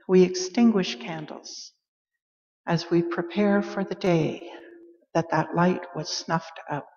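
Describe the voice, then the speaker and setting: A woman leading a church worship service, reading liturgy in a measured, solemn way. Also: lowish voice, a little mellow, lo-fi sound. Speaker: worship leader. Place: church sanctuary. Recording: long reverb of a church hall.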